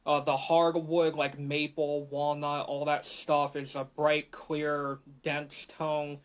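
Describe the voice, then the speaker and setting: A man speaks slowly and unhurriedly, his voice sitting a little high and staying level, with few rises or falls. He explains his instruments to a live audience with frequent fillers. He is picked up by a camera in a community library room. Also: completely flat delivery. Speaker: flute player. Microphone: camera mic in the room.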